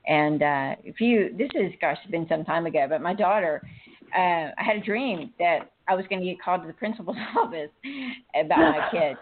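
A woman's voice: fairly low pitch, lively intonation, normal speed, a little hiss or hum. A middle-aged woman hosting a casual spiritual chat, rambling and laughing often. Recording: phone-like narrow audio.

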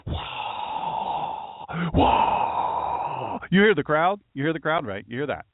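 A man, a pastor, giving a mocking, animated commentary monologue and talking to an imagined audience. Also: on the high side, fast talker, dry recording. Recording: tinny phone-like dry sound.

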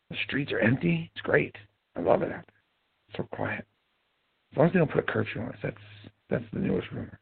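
A man's voice: medium pitch, big pitch swings, brisk, vocal fry, husky. A man hosting a casual live show, telling rambling, profane, joking stories. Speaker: host. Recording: tinny phone-like sound.

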